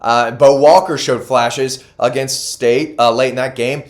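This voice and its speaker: A man's voice: mid-range voice, fairly even intonation, measured pace. A man giving solo college football analysis, emphatic and casual, repeating key stats for effect and correcting himself as he goes. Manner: self-correcting, casual asides. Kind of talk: solo sports commentary.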